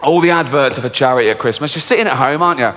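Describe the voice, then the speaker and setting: Sardonic English comedian in a big hall. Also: male voice, medium pitch, rapid-fire, slight background noise. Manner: deadpan, sardonic storytelling that breaks into giggles. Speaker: stand-up comedian. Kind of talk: stand-up comedy routine. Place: large theatre stage. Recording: long theatre reverb, faint ambience.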